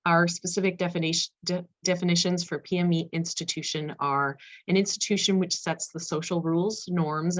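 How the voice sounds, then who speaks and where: Woman panelist, low-pitched, presenting research at a brisk clip with filler words. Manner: fast-paced, self-aware of speed, frequent fillers. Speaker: conference panelist. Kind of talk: academic presentation.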